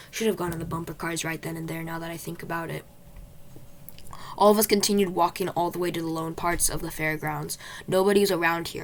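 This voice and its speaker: Woman reading a storybook, lowish gravelly voice. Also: slight background noise. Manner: plain reading with restarts. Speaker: author reading own book. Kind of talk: first-person storybook narration.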